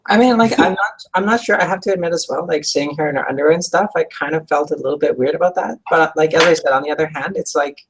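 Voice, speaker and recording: A woman's voice: sits low, quick pace, few pauses, noisy background. A young adult woman co-hosting a casual chat show, talking in a rambling, hesitant way full of fillers. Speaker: co-host.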